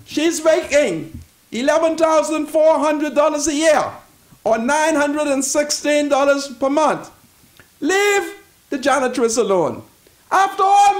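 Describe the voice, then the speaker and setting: High-pitched, preaching Bahamian man. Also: animated, slow pace, reverberant. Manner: preachy, pleading, repeats words, bursts into shouting. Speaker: commentary show host. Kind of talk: impassioned political commentary.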